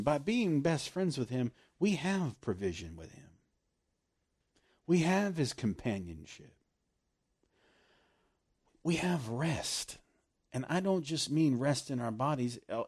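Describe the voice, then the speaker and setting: A man preaching a sermon, animated and laughing often, slowing right down to stress scripture. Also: mid-range voice, breathy edge.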